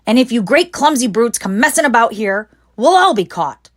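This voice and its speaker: A woman reading aloud as a rude, drunk male rat in a storybook, shrill and snappish. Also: big pitch swings, a little slow. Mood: angry.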